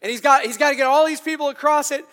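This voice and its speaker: A male pastor giving an animated sermon in a church, building to loud, emphatic bursts. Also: very high voice, fast, big-room sound.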